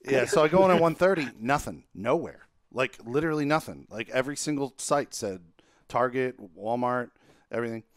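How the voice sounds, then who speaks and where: A young man on a casual gaming podcast, spinning a profane, animated story. His voice climbs sharply when he gets exasperated. The sound is dry and close, with no room echo. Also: medium pitch, brisk. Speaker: podcast host. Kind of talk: casual chat.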